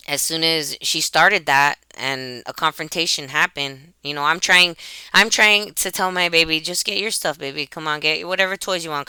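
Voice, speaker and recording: Woman, mother recounting events, halting with repeated words, very smooth clear voice, dry close sound. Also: low voice, bright, forceful tone, no echo. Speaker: mother telling a personal story. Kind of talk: emotional personal storytelling to camera. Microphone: webcam.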